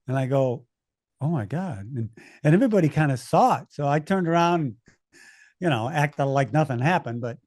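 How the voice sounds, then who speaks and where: Animated American race announcer telling stories. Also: male voice, a little high, no echo, clean studio sound. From United States. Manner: animated anecdotes with many restarts. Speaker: race announcer, podcast guest. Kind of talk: storytelling conversation.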